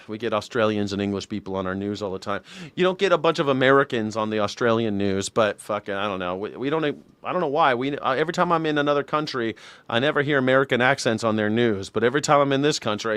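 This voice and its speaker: Sarcastic, swearing news reaction host. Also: male voice, medium pitch, fast talker, fairly bright tone, clean tone, no echo. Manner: sarcastic, rambling, swears freely. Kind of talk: casual profane commentary.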